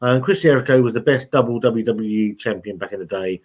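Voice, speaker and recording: Man, live stream host, casual chat, blunt and sweary, says mate a lot, mid-pitched voice. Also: brisk, a little mellow. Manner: chatty, blunt and sweary, calls everyone mate.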